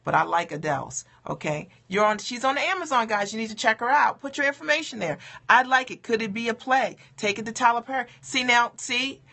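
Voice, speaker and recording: A woman coach talks live to her viewers in an upbeat, encouraging way, often checking in with them as she goes. Her voice is bright and forceful and sits a little high. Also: animated, fairly quick, creaky, few pauses. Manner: upbeat and encouraging, keeps asking "okay?" and "right?". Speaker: coach for mothers in business. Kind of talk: motivational livestream talk.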